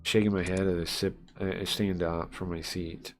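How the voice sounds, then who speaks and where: Low-voiced man reading a game aloud. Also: level tone, moderate pace, over music. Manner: casual and chatty, with many fillers and asides. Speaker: streamer playing a horror visual novel. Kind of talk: live let's-play, reading game text aloud.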